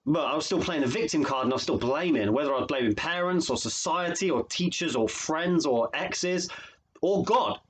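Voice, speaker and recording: Earnest husky life coach. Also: male voice, on the high side, animated, moderate pace, low-quality recording. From England. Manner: earnest, emotional, repeats phrases for emphasis. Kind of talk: motivational video monologue.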